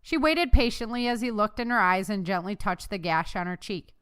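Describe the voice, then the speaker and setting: A woman narrating a novel chapter aloud as an audiobook narrator, telling the story in a steady way. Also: medium pitch, a little fast, clear, resonant tone. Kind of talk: scripted narration.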